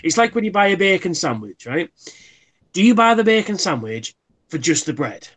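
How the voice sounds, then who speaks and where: Bloke, 30s, streamer host, slightly high voice, swears a lot, rambles. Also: male voice, sing-song, moderate pace, a bit bright. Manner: swears freely, rambling anecdotes. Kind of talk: casual chat.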